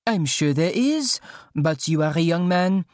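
Male narrator playing a fussy mother, higher lilting voice, scolding, brisk, dry close sound. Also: expressive, no echo. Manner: brisk, dismissive, motherly nagging. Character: fussy French mother, middle-aged, scolding. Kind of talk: audiobook character voice.

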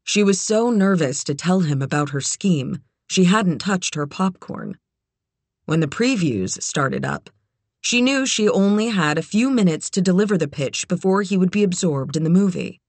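An audiobook narrator reading a novel in even, measured scripted narration. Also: mid-range voice, no echo.

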